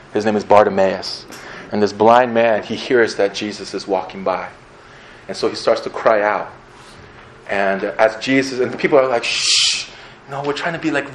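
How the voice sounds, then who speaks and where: A male pastor giving a sermon in a conversational, earnest way, with an animated delivery. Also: fairly low pitch, a little hiss or hum, rough recording.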